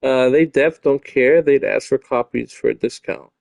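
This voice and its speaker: A man's voice: mid-range voice, moderate pace, creaky, a little mellow. A male streamer chatting casually while playing a game, rambling and swearing freely. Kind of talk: casual gaming stream chat.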